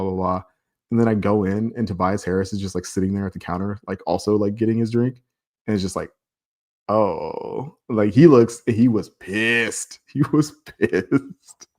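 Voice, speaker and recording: A man's voice: low voice, brisk. A man in his thirties chatting casually as a podcast guest, telling stories with frequent laughs and fillers. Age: 30s. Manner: laughs often, animated storytelling with lots of "like". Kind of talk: casual chat.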